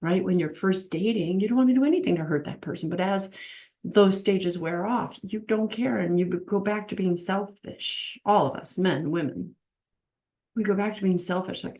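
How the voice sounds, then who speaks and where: A middle-aged woman with a dark-toned, mid-range voice speaks at a moderate pace in a casual, earnest teaching talk on faith and marriage. She acts out quoted voices and presses her points through repetition.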